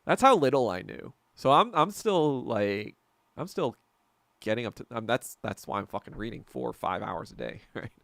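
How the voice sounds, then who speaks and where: A man in his thirties hosts a loose fireside-style podcast chat, wandering from one tangent to the next. His mid-pitched voice has a gravelly edge, and he restarts sentences often, swearing freely. The sound is close and dry, with little room around it. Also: sing-song, normal speed, a bit bright, no room sound. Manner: rambling, profane, self-interrupting with tangents. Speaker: podcast host reading chat. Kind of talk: casual livestream chat.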